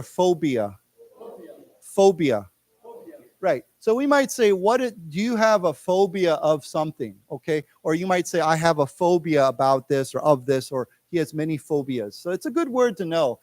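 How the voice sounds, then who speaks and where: A man's voice: on the high side, darkish tone. Chatty American man teaching English. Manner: chatty, repeats words slowly for the class to echo, stammering restarts. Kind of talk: live classroom English lesson. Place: lecture room.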